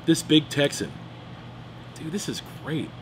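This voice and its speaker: A man's voice: fairly high pitch, sing-song, a little slow, noisy background. A middle-aged man hosting a cigar review, chatting in an enthusiastic, joking way. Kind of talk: casual chat. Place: room in Phoenix, Arizona.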